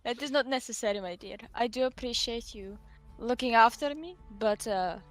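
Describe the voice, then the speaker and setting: A woman's voice: fairly high pitch, moderate pace, faint music behind, close to an everyday voice. A woman voicing a polite male adventurer in a tabletop game, speaking formally with a put-on Russian accent. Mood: courtly. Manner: courtly, formal, calls others darling.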